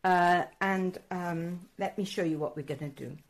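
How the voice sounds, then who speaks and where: A woman art teacher walking children through a craft lesson step by step, encouraging and excitable, pausing often with fillers. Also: lowish voice. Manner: encouraging, hesitant with many fillers; addresses children directly, excitable.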